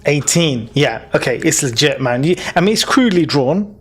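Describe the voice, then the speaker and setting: A British man running a tabletop game as game master, narrating in a relaxed way that is full of laughs and restarts. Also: on the high side, normal speed, husky.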